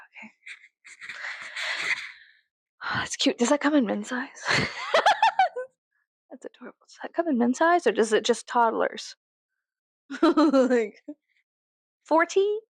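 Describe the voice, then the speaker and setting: A woman's voice: fairly high pitch, animated, brisk, breathy edge, no room sound. A woman in her thirties from South Texas, rambling in a casual, profane, giggly monologue that swings to sarcastic mockery. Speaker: vlogger.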